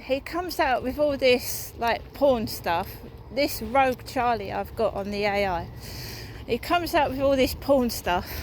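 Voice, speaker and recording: A woman's voice: a little high, unhurried, slight background noise, low-quality recording. A woman vlogging outdoors on a walk, ranting in an aggrieved, rambling way and swearing freely into a phone. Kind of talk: rambling walk-and-talk vlog.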